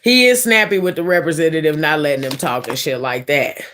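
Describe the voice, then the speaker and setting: A woman live streamer casually telling a story in a blunt, profane, animated way. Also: deep voice, brisk.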